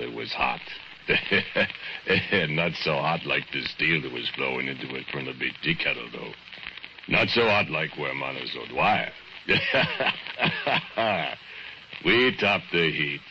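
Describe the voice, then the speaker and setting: A brooding drunken foundry laborer. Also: male voice, animated, bright, forceful tone, slight background noise, full character voice. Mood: gloating. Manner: broken English, slow, gloating with low chuckles. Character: brooding drunken immigrant foundry laborer, male, middle-aged. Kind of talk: 1940s radio acting. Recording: muffled old radio broadcast with music.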